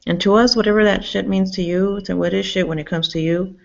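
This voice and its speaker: Brief: woman, gravelly voice, agitated profane rambling rant, dull lo-fi recording. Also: medium pitch, steady tone, a little fast. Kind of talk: rambling monologue to camera. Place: public campus building indoors. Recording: dull lo-fi sound.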